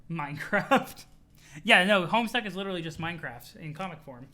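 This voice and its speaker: A streamer reading a webcomic aloud live, chatty and excitable, reacting to chat. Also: mid-range voice, brisk.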